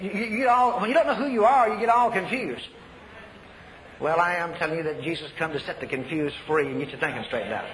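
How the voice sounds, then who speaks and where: An older man preaching a sermon, telling folksy stories and shouting commands. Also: fairly high pitch. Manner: folksy storytelling, shouts commands, repeats phrases. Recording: echoey hall, faint noise.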